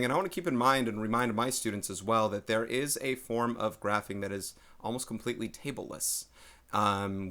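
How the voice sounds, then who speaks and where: A man with a fairly low voice talking through a math lesson. He explains methodically, one step at a time, addressing his students directly. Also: pushed and bright. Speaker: math teacher.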